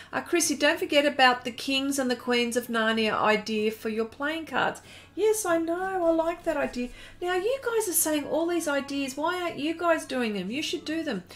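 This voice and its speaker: A woman's voice: sits high, moderate pace, a bit bright. An Australian woman running a live painting demonstration, chatting and giggling as she reads out viewer comments and greets people by name. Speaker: art instructor on a live stream. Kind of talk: live-stream painting demo, reading chat aloud.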